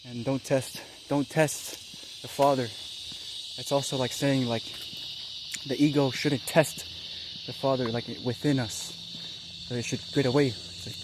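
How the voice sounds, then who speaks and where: A young man recounts a spiritual experience in a loose, casual way, excited and rambling, with lots of fillers and slang. His voice sits at an ordinary middle pitch, with a faint hiss of background noise behind him. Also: moderate pace, pauses often. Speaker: vlogger.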